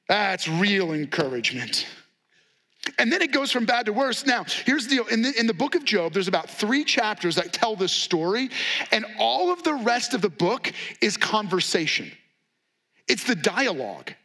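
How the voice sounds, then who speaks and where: A pastor preaching a sermon, telling a story in an animated way and acting out its quotes with sarcasm. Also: male voice, sits high.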